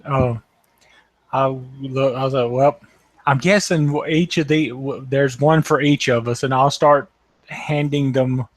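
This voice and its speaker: A man's voice: medium pitch, steady tone, unhurried, no echo, low-quality recording. A man taking part as a player in a tabletop role-playing game, describing his actions in a casual, stumbling way.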